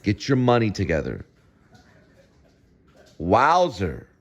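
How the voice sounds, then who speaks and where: A man's voice: fairly low pitch, huge pitch swings, takes it slowly. A man hosting a casual home video, lecturing and drilling the same words over and over. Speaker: show host.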